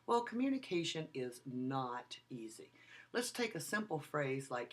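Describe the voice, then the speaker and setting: A woman giving a recorded video lecture as a university lecturer, talking in an animated, emphatic way and repeating her key points. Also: extremely low pitch, measured pace.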